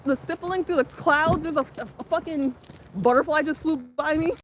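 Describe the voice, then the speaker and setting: A woman's voice: high-pitched, moderate pace, poor audio. A young woman live-streaming while she walks outdoors in the sun, chatting casually with her viewers on her phone. She curses a lot, laughs often and reads the chat aloud. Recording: loud outdoor background noise. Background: loud outdoor noise.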